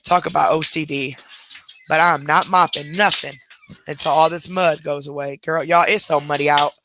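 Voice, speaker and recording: A woman's voice: sits low, steady tone, normal speed, background noise. A woman hosting a casual livestream from home, rambling and chatting with her viewers. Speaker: livestream host. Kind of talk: casual live chat.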